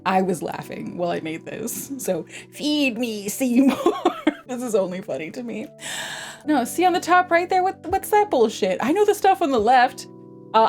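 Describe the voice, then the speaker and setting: Giggly streamer woman with a lively voice. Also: fairly high pitch. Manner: giggly, rambling, animated asides. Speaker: vtuber streamer. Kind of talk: casual educational stream.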